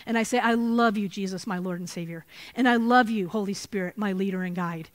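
A woman's voice: mid-range voice, brisk. A middle-aged woman teaching a women's Bible study, telling stories earnestly and citing Scripture. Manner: earnest, animated storytelling with Scripture citations.

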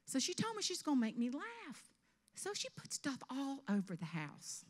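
A woman in her fifties from South Carolina with a Southern US accent, giving a humorous keynote speech on stage with animated storytelling. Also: high-pitched, normal speed, long reverb tail. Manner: animated storytelling with character voices. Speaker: motivational speaker. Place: event stage before an audience.

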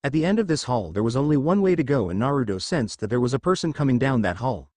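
A man narrating a fan fiction story in an expressive reading style. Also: mid-range voice, fast, no echo, studio quality.

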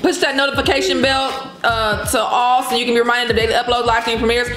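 A woman's voice: fairly high pitch, steady tone, quick pace, fairly bright tone. A woman vlogger in casual chat, laid-back and cussing freely. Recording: echoey room with music behind.

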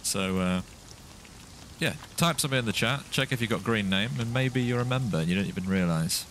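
Low-voiced man hosting a live game stream. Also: fairly quick, fairly bright tone, slight background noise. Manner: chatty, thanks viewers by name. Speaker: streamer co-host. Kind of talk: casual live-stream chat.

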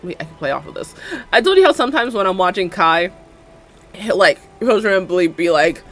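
While playing a game on a livestream, a young woman in her twenties talks fast with lively intonation in a fairly low voice. She giggles and rambles, using "like" constantly, over soft background music.

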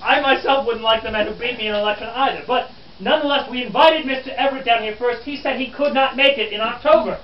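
A man's voice: very high-pitched, fast talker, slight background noise. A man in character as a lecturing 1860s newspaperman, talking theatrically to a crowd of visitors. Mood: mocking, theatrical. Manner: theatrical, scornful, calls listeners "friends". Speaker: living history interpreter. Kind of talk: in-character living history talk to visitors. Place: outdoor historic park program. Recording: distant, roomy, dull camera audio.

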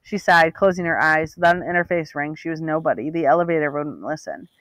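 A woman narrating an audiobook with steady, expressive storytelling. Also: sits low, quick pace, no room sound. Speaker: audiobook reader.

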